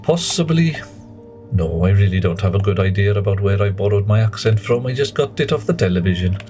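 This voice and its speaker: A man's voice: sits low, fast, mellow, faint music behind. A man streaming a game, chatting in a rambling, self-mocking way. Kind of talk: live gameplay commentary and chat.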